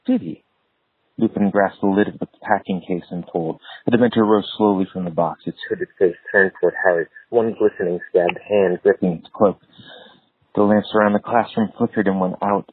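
A man's voice: low voice, breathy edge, dry recording. Man reading a story over a phone. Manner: steady storytelling delivery. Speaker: reader. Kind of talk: reading a novel aloud. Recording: tinny phone line.

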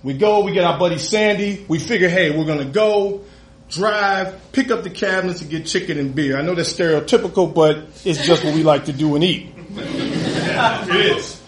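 A man with a rather high voice tells a story live on stage, animated and comic, peppering it with profane asides. The sound is roomy and echoes off the venue, with a faint murmur of ambience underneath. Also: moderate pace, a little hiss or hum.

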